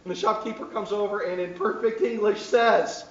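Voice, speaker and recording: A high-voiced man lectures a class with lively energy, now and then shouting out a hint. He sounds distant from the mic, in a roomy hall with a dull, lo-fi recording and faint noise behind him. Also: moderate pace. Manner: animated, bursts into shouted hints.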